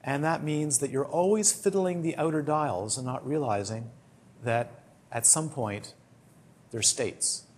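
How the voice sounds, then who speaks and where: A man's voice: mid-range voice, measured pace, slight background noise. A man with a British accent, a meditation teacher giving a conversational teaching talk to a retreat group, full of anecdotes. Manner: conversational, anecdotal, acts out quoted complaints.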